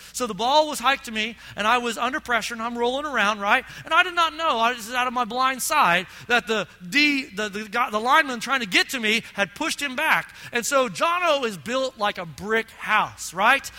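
Middle-aged pastor guy preaching, super high voice, big reverb from the church hall. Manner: animated storytelling, frequent "all right?" check-ins. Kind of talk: sermon. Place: church sanctuary.

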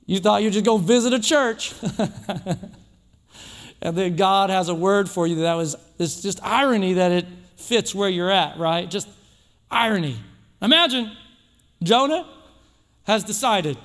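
High, bright-voiced preacher in echoey church. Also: male voice, normal speed, pauses often. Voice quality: emphatic, repetitive, builds to shouts. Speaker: pastor. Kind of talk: sermon. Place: church sanctuary.

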